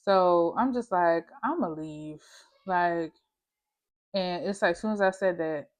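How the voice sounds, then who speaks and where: A woman's voice: on the low side, steady tone, takes it slowly, muffled recording. A woman vlogger telling a personal story in a candid, slangy, emphatic way, talking straight to the viewer. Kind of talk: casual storytime monologue.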